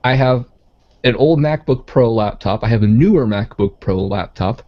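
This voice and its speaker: A male co-host with a mid-pitched voice who jokes with a dry, deadpan delivery. The sound is a little dull and lo-fi. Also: normal speed. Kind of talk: casual chat.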